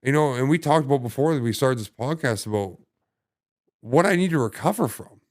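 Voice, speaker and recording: A man telling his story as a podcast guest in casual conversation, halting and profane, full of restarts and fillers. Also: medium pitch, lively intonation, dry recording.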